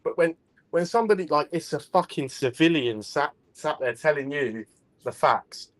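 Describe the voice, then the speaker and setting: A man's voice: on the high side, lively intonation, normal speed. A man ranting casually as a guest on a talk stream, blunt and full of swearing.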